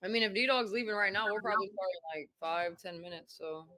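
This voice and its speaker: Bright, smooth-voiced woman hedging. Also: mid-range voice, a little fast, no echo, studio quality. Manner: hedging, trails off. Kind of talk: casual group chat.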